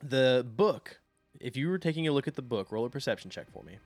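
A man narrating as game master of a tabletop game, describing finds and calling for dice rolls in a measured way. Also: mid-range voice, sing-song, dry recording, faint music behind.

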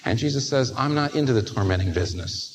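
Male preacher, mid-range pitch, very expressive delivery, faint background noise. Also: fast, low-quality recording. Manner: animated, swings from soft to emphatic, acts out quoted voices. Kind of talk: sermon.

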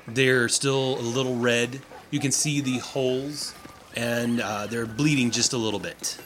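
A man's voice: medium pitch, unhurried, slight background noise. A man narrating a tabletop role-playing session as game master, describing scenes and voicing townsfolk. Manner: animated, acts out characters.

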